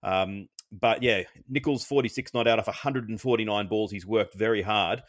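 A man's voice: lowish voice, normal speed, dry recording, studio quality. A man co-hosting a podcast, giving a chatty cricket analysis broken up by frequent ums and restarts. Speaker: co-host.

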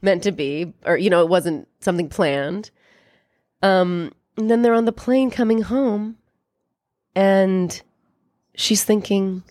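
A young woman with a slightly low voice talks through a film she has watched, in a loose, chatty way. She jumps into quick impressions of the characters' lines. Her voice sounds close and dry, with no room around it. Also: a little mellow, no echo. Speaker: podcast co-host. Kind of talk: casual film recap chat.

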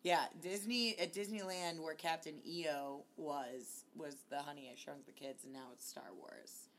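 A woman's voice: low voice, fairly even intonation, normal speed, a little hiss or hum. A woman co-hosting a podcast, chatting bluntly and teasing, with casual swearing. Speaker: podcast co-host. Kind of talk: casual chat.

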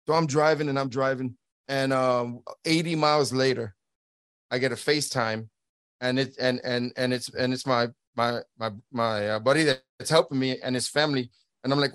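A middle-aged man speaks as an interview guest, in a voice of ordinary pitch, recorded dry and close with no room sound. He tells his story earnestly, acts out what others said, and stumbles over repeated words. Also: steady tone, moderate pace, a bit bright, no room sound. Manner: earnest, acts out quoted dialogue. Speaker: guest, former border agent. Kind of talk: conversational storytelling.

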